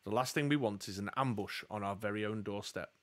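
A man's voice: lowish voice, fairly quick, lightly acted. A man voicing an old wizard, giving orders in a raised voice. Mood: commanding.

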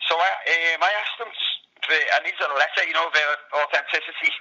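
A middle-aged Liverpool man telling stories at a fast clip, swearing freely and doubling back on his words. His voice sits a little high and sounds very bright and sharp. The audio is slightly dull and lo-fi. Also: fairly even intonation, breathy edge. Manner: swearing, rambling anecdotes with restarts and laughs. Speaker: guest musician. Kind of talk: casual interview chat.

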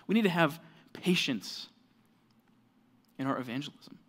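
A male pastor delivers a casual, heartfelt sermon, his voice sitting a bit higher than most men's. He talks as if chatting with the room, full of fillers and restarts, urging his points earnestly. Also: animated, measured pace, a bit bright, husky. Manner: conversational, earnest preaching with many fillers.

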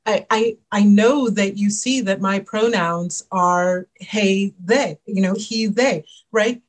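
Woman consultant on a panel, measured and thoughtful, mid-range voice. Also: medium pitch. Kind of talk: panel discussion.

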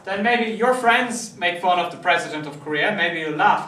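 Male lecturer, conversational, slightly high-pitched, recorded from afar in a roomy classroom with faint hiss. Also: animated, moderate pace, sharp tone. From Ireland. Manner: conversational, checks in with "right?" often. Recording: echoey classroom, mic at a distance.

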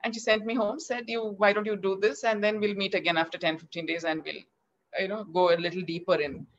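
A woman's voice: medium pitch, fairly quick. A middle-aged woman with an Indian English accent, a children's author telling a story in an interview and acting out the dialogue, heard over a video call. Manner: animated, acts out quoted dialogue. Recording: slightly dull lo-fi audio.

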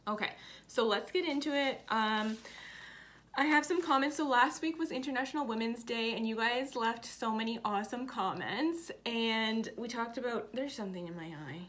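A woman's voice: fairly high pitch, normal speed, a bit bright. A woman in her thirties hosting a casual cross stitch vlog from home, rambling and self-deprecating with lots of chatty asides. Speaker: cross stitch video host. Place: home office.

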